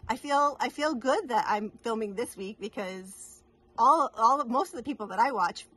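A woman's voice: a little high, moderate pace, a bit bright, husky. Chatty giggly woman vlogger. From New England. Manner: chatty, rambling, giggly, many restarts. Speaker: cross-stitch vlogger. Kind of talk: casual chat to camera.

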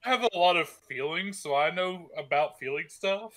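A man's voice: high-pitched, animated, moderate pace, fairly bright tone. A man playing in a tabletop game, giggling and goofing around. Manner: giggly, goofy. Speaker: player. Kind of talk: casual tabletop role-play banter.

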